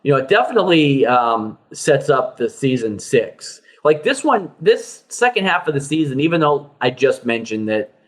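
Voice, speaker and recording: Casual male podcast co-host, mid-pitched, loose and rambling with many fillers. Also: very animated, normal speed, few pauses. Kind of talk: casual chat.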